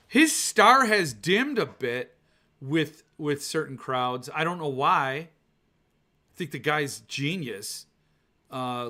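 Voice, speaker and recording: A male podcast host ranting excitedly about books, swearing when annoyed and reading viewer comments aloud. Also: on the high side. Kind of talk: ranting book-talk livestream.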